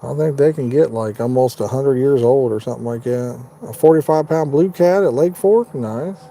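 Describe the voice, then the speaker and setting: A man hosts a live fishing stream from the cab of his truck at night. His voice is very dark and mellow, sitting at an ordinary pitch. He talks in an easygoing, folksy way, reading out viewers' comments and answering them like friends. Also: normal speed. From Indiana, United States. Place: inside a parked truck at night.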